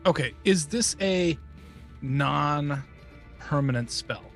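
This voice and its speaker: A man's voice: a little high, animated, slow pace, soft background music. A man co-hosting a podcast in casual chat, joking and hesitant while he guesses. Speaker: podcast co-host.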